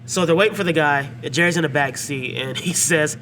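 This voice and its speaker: A man with a bright, slightly raised voice talks through a film as a podcast co-host. He chats casually and retells scenes. A faint noise sits under the recording. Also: a little high, brisk. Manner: retells scenes with quoted lines.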